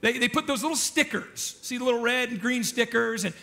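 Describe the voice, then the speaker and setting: A male pastor preaching in a relaxed, conversational way, with a very high voice for a man. He jokes and keeps asking the congregation questions. His tone is bright and forceful. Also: a little fast, vocal fry. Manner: chatty, joking, asks the congregation questions. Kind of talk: casual sermon.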